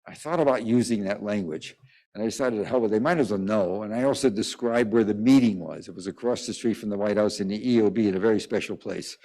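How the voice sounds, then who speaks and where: Rambling mellow-voiced man at a press conference. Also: on the low side, poor audio. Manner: digressive, halting, many fillers and restarts. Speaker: guest journalist answering press questions.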